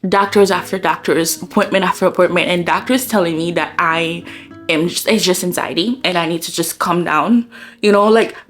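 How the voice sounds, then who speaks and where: Lower-voiced woman telling stories. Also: moderate pace, faint music behind. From Caribbean. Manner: animated storytelling, acting out quoted voices, lots of "like". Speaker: book vlogger. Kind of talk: casual chat.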